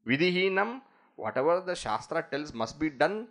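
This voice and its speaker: Speaking with an Indian English accent at a moderate pace, a man whose voice sits on the high side gives a spiritual discourse on scripture. He tells stories animatedly, acting out the voices of the people in them.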